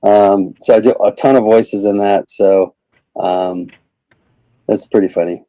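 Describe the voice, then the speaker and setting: A man's voice: fairly low pitch, steady tone, a little slow, warm tone, dry recording, rough recording. A man who is a comedian, rambling casually as a guest in an interview. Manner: rambling, chatty, lots of fillers.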